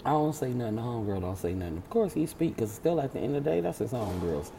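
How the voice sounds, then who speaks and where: Woman telling a story at work, slangy and cussing a lot, gravelly voice, noisy background. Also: extremely low pitch, quick pace, hardly any pauses. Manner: animated, slangy storytelling, frequent swearing. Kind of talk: casual storytime chat.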